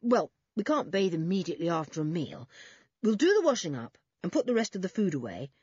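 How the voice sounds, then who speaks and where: A woman voicing a sensible older boy who leads the group in a firm, measured way. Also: fairly low pitch, very animated, a little mellow, breathy edge, dry recording, dull audio.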